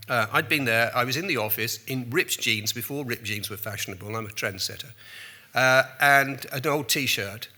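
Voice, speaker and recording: A man's voice: mid-range voice, bright, forceful tone. A man in his sixties giving a conference talk as a journalist and keynote speaker, telling rambling, self-deprecating anecdotes with frequent restarts.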